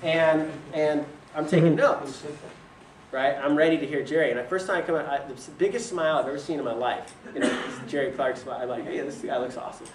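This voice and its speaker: A young man tells a casual story, laughs often, and acts out what other people said. His voice sits fairly high. He is recorded from a distance in an echoey room with faint ambience behind him. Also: quick pace, noisy background. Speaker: speaker telling his business story. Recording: roomy echo from a distant mic.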